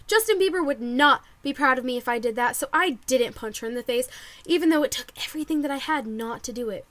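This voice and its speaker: A young woman telling a story to camera in casual vlog chat, excitable and full of "like". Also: high voice, fairly quick. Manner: bubbly, excitable, lots of "like" and quoted reactions. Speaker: vlogger.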